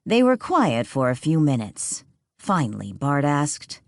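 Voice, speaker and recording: An audiobook narrator reading a cozy mystery in measured storytelling. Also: mid-range voice, huge pitch swings, no room sound, clean studio sound.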